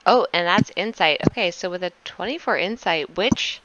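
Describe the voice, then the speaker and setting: A woman's voice: lowish voice, moderate pace, highs cut off, noisy background. A woman running a tabletop game as game master, narrating and checking details.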